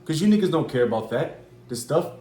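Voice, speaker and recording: A man's voice: fairly high pitch, lively intonation, a little fast, dark tone. Echoey, loose-talking man preaching. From United States. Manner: loose, repetitive, profane street talk. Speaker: religious commentator. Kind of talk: casual preaching commentary. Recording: echoey room.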